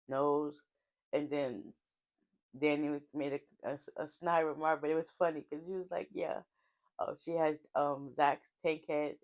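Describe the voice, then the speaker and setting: A woman with a low, slightly mellow voice casually recaps an episode of a TV drama. Her telling is chatty and heartfelt, sprinkled with fillers and asides.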